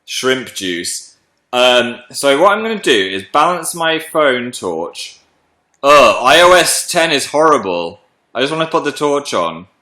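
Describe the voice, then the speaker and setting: Male streamer, casual chat, animated and bouncy in pitch. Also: a little slow, reverberant. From England. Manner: excitable, coos over his pet shrimp. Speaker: livestream host.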